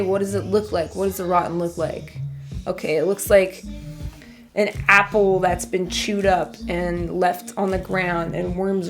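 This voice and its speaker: Candid young woman streamer, soft music behind. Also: mid-range voice. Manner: candid, emotional, confiding. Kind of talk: casual livestream chat.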